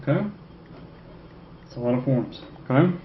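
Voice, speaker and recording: A man teaching a French grammar lesson, who keeps checking in with "okay?" and repeats French phrases slowly. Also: medium pitch, lively intonation. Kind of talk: recorded classroom lecture. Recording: echoey room, dull lo-fi sound, faint noise.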